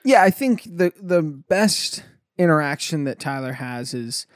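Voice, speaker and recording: A man's voice: a little high, measured pace, no echo, clean studio sound. A man in casual chat, telling stories animatedly and acting out the quotes. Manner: animated storyteller, acts out quotes.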